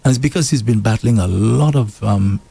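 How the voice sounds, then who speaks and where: A man co-hosting a radio show, telling stories in a lively way that jumps up in pitch. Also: moderate pace, creaky, slightly rough, no room sound. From Saint Lucia. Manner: animated storytelling with pitch jumps. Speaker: radio co-host. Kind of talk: casual radio talk. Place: radio studio.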